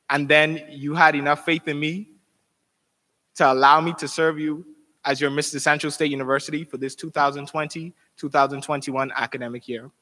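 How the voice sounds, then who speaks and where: A man's voice: fairly high pitch, bright, forceful tone. A young man giving a formal, heartfelt farewell address as an outgoing university title holder. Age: young adult. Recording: long reverb of a hall.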